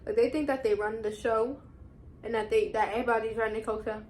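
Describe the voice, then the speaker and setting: A woman in her twenties, a vlogger casually chatting and rambling through a recap with quick asides. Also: a little high, fairly even intonation, darkish tone, slight background noise. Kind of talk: casual chat.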